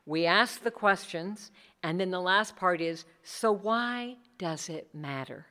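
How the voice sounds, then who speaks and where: Speaking slowly in a fairly low, sharp-toned voice, a middle-aged woman addresses a group in earnest about how to lead Bible studies. She performs the voices of those she quotes, and the session takes questions from the audience.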